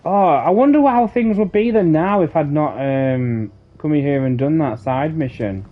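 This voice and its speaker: A man's voice: fairly high pitch, expressive, moderate pace. Male game streamer, casual musing commentary; slightly dull audio. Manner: chatty, musing, many fillers. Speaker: gaming streamer. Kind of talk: let's play commentary.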